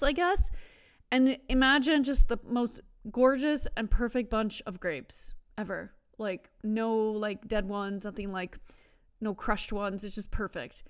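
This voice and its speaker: A woman with a smooth, resonant voice that sits a little high, talking in a loose, rambling way. She hosts a casual wine podcast, fills her sentences with fillers and restarts, and laughs easily as she trips over foreign words. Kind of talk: casual chat.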